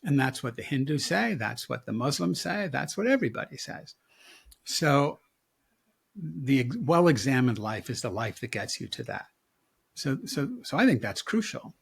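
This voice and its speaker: A man in his seventies, a rabbi, talks through ideas in a relaxed, reflective way. His voice is somewhat husky, and he chuckles and jokes as he goes. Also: medium pitch, normal speed. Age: 70s. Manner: reflective, wry, chuckles often. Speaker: rabbi and guest. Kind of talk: casual conversation.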